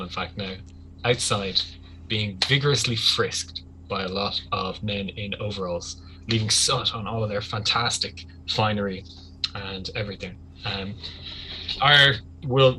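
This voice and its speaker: Male game master, bright, sharp tone, chatty vivid narration, faint hum. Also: on the low side, low-quality recording.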